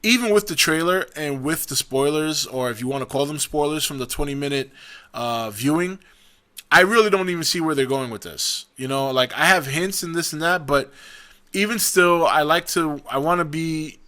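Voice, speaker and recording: A young man hosting a casual opinion vlog in a bright, forward voice that sits a little high for a man. He rambles in a chatty way, often restarting and correcting himself mid-sentence. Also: normal speed. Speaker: vlog host.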